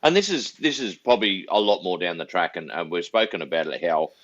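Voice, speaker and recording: An Australian man, a seasoned former cop, telling a story in relaxed casual chat with many ums. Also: sits low. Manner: relaxed, halting with frequent ums. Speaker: podcast co-host, former police officer. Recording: dull lo-fi sound.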